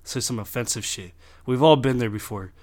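A man's voice: medium pitch, a little fast, a little mellow. A young man telling a long personal story in a rambling, casual way, swearing constantly and restarting his sentences.

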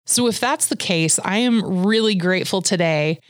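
A woman hosting a podcast, reading a reflective monologue in a gentle, unhurried, thoughtful way. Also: medium pitch, dry recording, studio quality. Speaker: podcast host.

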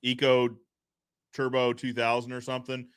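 A man's voice: mid-range voice, completely flat delivery, normal speed, smooth, dry recording, clean studio sound. A man hosting a podcast in casual live-stream chat, upbeat, greeting viewers and reading their comments aloud. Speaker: podcast host.

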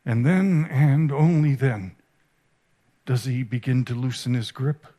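A man giving a sermon at a conference, telling an emotional story with halting, repeated starts. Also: mid-range voice, dark tone. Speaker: conference speaker. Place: conference stage.

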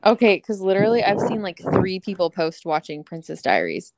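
A woman co-hosts a casual chat, bubbly and quick to laugh at herself. Her pitch is ordinary and middle. The recording is dry and close-miked. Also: lively intonation, creaky, darkish tone, no echo. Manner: bubbly, laughs often, self-deprecating. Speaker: podcast co-host. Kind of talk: casual chat, telling anecdotes.

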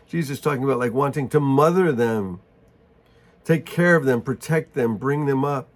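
A man reads a Bible passage aloud and explains it in casual asides. He clears his throat often. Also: mid-range voice, moderate pace. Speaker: Bible teacher. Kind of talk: Bible reading with commentary.

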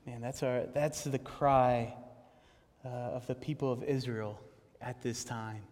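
A man preaching a sermon with passion, halting and repeating words, rising to loud cries and then dropping to hushed tones as he reads and explains scripture. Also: mid-range voice, fairly even intonation. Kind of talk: sermon on a psalm. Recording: long hall reverb.

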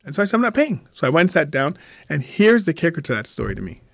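A man's voice: on the high side, big pitch swings, rapid-fire, creaky, dry recording, clean studio sound. A man telling a story as a podcast guest, acting out the other people's lines as he goes. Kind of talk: animated storytelling. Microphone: remote call.

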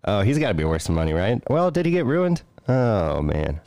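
A man's voice: on the low side, sing-song, moderate pace, darkish tone, clean tone, no room sound. A man co-hosting a podcast, chatting casually about movies and tossing in jokes. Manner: joking asides, quotes movie lines. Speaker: podcast co-host.

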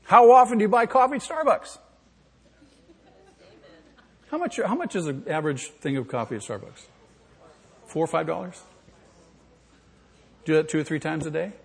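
A man's voice: fairly high pitch, lively intonation, fairly quick, creaky, long pauses. A male pastor preaching an emphatic sermon in a church, putting questions to the congregation. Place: church sanctuary. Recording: long hall reverb.

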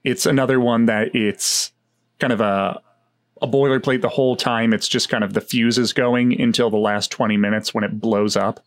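A man's voice: medium pitch, steady tone, moderate pace. A man hosting a casual movie chat, rambling along with many fillers and restarts. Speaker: podcast host.

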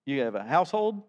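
A man preaching a sermon to his congregation, conversational and animated, with asides to the listeners. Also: mid-range voice. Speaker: pastor. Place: church sanctuary. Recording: long church reverb.

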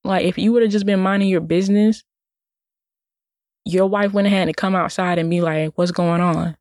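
A woman's voice: mid-range voice, fairly even intonation, moderate pace, a little mellow, no echo, studio quality. A woman in a casual personal monologue, talking indignantly in a rambling way with lots of "like" fillers and restarts. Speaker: vlogger.

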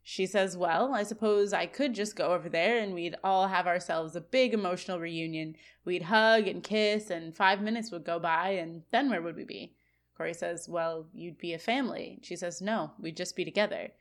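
A woman's voice: on the low side, moderate pace. Woman co-host recapping TV scenes. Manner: recounts scenes, quoting lines in a flat read. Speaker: podcast co-host. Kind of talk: casual recap chat.

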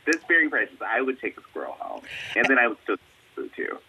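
A man's voice: mid-range voice, big pitch swings, fast, slightly rough. A man co-hosting a casual chat show, playful with joking asides. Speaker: co-host. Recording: dull lo-fi sound.

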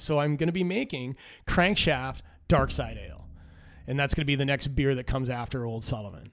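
Chatty brewer, rambling storyteller. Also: male voice, medium pitch. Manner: rambling and animated, quick laughs. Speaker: brewer, guest. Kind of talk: casual interview chat.

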